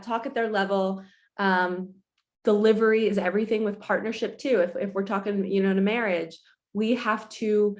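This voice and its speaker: A woman giving a casual spiritual morning talk as a coach, chatty and earnest, laughing often and swearing casually. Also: medium pitch.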